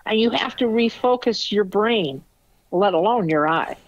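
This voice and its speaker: A woman's voice: mid-range voice, expressive, measured pace, dull audio. An older woman, a photo editor and teacher, telling stories in an interview in a blunt, candid way and laughing often. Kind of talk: interview storytelling.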